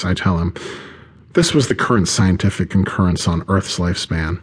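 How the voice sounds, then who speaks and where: A man narrating an audiobook in the first person, with a steady, wry delivery. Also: sits low, normal speed, husky.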